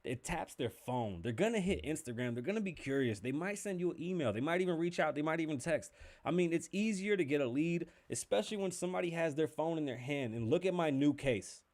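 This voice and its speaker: A man's voice: a little high, lively intonation, a little fast, darkish tone. A young man hosting a casual podcast livestream, joking and chatting loosely, swearing freely as he talks to viewers. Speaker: podcast host.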